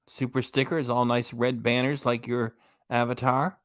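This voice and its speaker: A man's voice: mid-range voice, little pitch movement, moderate pace, fairly bright tone. A man in the middle of his range hosts a live reaction stream from his desk. He keeps up a loose, casual running commentary. He reads out quotes and drops dry little asides. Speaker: reaction channel host.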